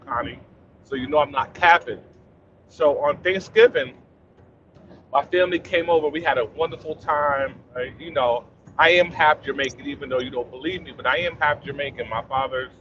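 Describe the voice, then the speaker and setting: A man in his thirties, a panelist in casual chat, speaking calmly and softly with many fillers, on dull lo-fi audio. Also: medium pitch, background noise. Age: 30s. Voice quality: soft-spoken, calm, many fillers.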